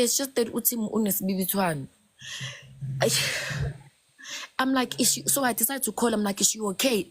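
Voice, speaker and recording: A woman, talking in a casual, expressive way on a live chat show and mixing local words into English. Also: mid-range voice, a little fast.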